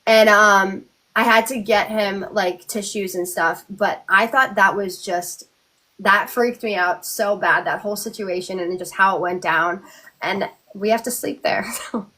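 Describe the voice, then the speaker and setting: A woman's voice: medium pitch, fairly even intonation, unhurried, pushed and bright. A young woman hosting a casual live chat, telling a spooky personal story with lots of fillers and restarts. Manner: chatty, lots of likes and ums, restarts. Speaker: host.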